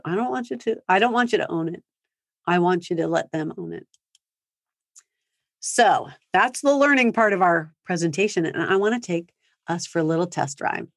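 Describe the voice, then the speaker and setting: A woman's voice: on the low side, dry recording, clean studio sound. A woman presenting a parenting seminar over a video call, talking conversationally and acting out sample phrases for parents. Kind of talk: live online seminar talk. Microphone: video call microphone.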